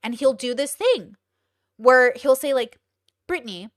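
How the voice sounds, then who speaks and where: A young woman hosting a live stream, talking bluntly with lots of swearing and rapid rhetorical questions. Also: high voice, expressive, no echo, studio quality. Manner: blunt, profane and exclaiming. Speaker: streamer host. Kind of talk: casual live-stream commentary.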